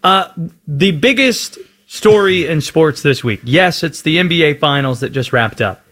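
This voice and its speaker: A man's voice: on the high side, expressive, unhurried, a bit bright. A man hosting a sports talk show, setting up stories and clips in a conversational way. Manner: conversational, tosses segments to the co-host.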